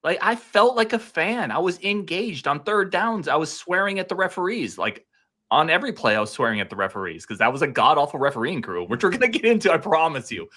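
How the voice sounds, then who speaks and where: A man co-hosting a casual sports podcast, fired up and talking like an excited fan, a few beers in. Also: on the high side, brisk. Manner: fired-up, animated fan talk. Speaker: podcast co-host.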